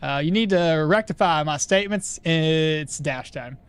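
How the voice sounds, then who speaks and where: A man's voice: a little high, measured pace, clean tone. A man streaming a game live, chatting casually with his viewers and laughing often as he plays. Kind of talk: live gameplay commentary to chat.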